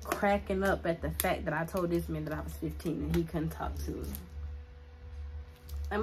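A woman telling a personal story to her viewers in a casual vlog, animated and chatty, filling her talk with "like". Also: low-pitched, normal speed, pauses often, poor audio. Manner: animated, chatty, heavy use of "like", talks straight to viewers. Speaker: vlogger.

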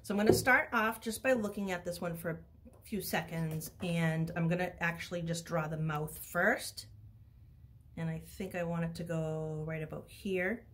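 A woman's voice: lowish voice, steady tone, moderate pace, a bit bright, slight background noise. A woman teaching a craft lesson, casually narrating each step as she works. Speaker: art teacher. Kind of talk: craft demonstration.

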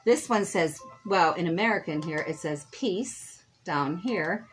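A woman's voice: on the low side, expressive, unhurried, faint music behind, low-quality recording. A middle-aged woman hosting a live sale stream, chatty and rambling, laughing at her own jokes.

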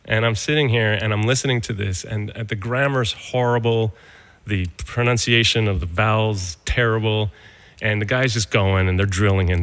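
A man with a fairly low voice tells stories from his career as a podcast guest, animated and quick to act out the dialogue. His voice carries a long reverb tail, as if the room is large and hard. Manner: animated, acts out quoted dialogue. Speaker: guest songwriter and producer. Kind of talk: casual storytelling interview.

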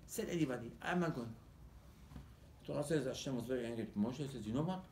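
This rabbi talks fast and animatedly in a mid-range, darkish voice, with slight background noise. During his Torah sermon he acts out the dialogue and repeats words as he hunts for phrasing, recorded with roomy echo and faint ambience.

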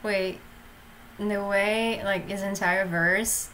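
A woman's voice: mid-range voice, steady tone, slow pace, a bit bright, a little hiss or hum, low-quality recording. A woman hosting a reaction video, talking casually with hesitant ums and gushing, emotional remarks.

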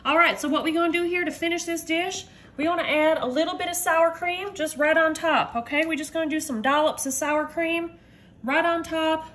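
A woman's voice: very high-pitched, fairly even intonation, a little fast, fairly bright tone. A woman hosting a casual home cooking demo, chatty and upbeat, calling her viewers y'all. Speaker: home cook host.

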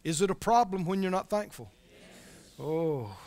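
A man with a very high voice preaches a sermon, asking his listeners questions as he reads aloud. His voice rings with the long reverb of a church hall. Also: expressive, moderate pace, a little mellow, slight background noise. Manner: conversational preaching, asks the congregation questions. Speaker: pastor.

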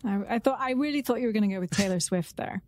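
A woman's voice: mid-range voice, quick pace, a little mellow, no echo. Playful woman podcast co-host, dry sound. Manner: chatty, playful, teasing. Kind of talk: casual chat.

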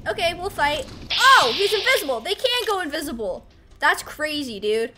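Female streamer, high bright voice, excitable running commentary on gameplay. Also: normal speed, slight background noise. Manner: excitable, talks to herself, yelps. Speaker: gaming streamer.

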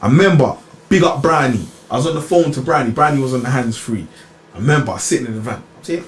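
Animated man telling stories. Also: mid-range voice, fast, reverberant. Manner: animated storyteller, laughs while telling stories. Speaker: podcast co-host. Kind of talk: casual banter.

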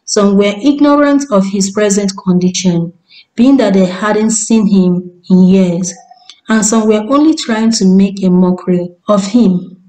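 Woman storyteller, measured reading, mellow voice, mid pitch. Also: poor audio. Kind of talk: scripted story narration.

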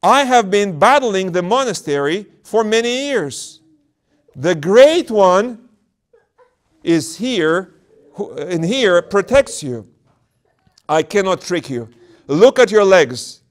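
A man voicing a boastful, spiteful demon that has possessed a young girl, in slow, loud declarations. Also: high-pitched, big pitch swings, pitched above the performer's own voice, full character voice. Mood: menacing.

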